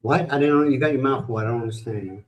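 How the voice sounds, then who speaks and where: A man's voice: mid-range voice, quick pace, a little mellow, low-quality recording. An older man from the United States hosting a casual livestream, rambling and blunt, swearing now and then. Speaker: livestream host. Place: home in the Philippines.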